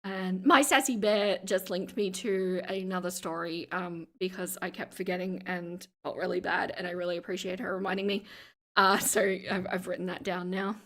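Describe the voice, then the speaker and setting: An Australian woman hosting a livestream, chatting casually as she reads viewer comments aloud, with vocal fry in her lower register and frequent laughter. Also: fairly even intonation, moderate pace, a bit bright. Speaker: livestream host.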